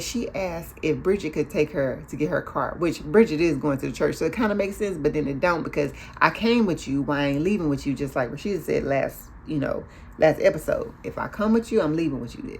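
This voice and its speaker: A woman's voice: deep voice, fairly quick, a little mellow, a little hiss or hum. A woman hosting a casual recap of a TV show, chatty, acting out the characters' lines as she goes.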